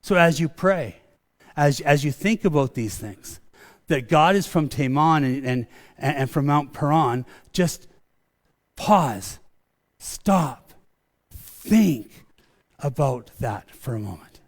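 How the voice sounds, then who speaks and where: A middle-aged male pastor delivers a sermon in a slightly high voice. He preaches in a loose, conversational way, doubling back on words and restarting his sentences as he goes. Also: a little slow. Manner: calls his preaching a rant.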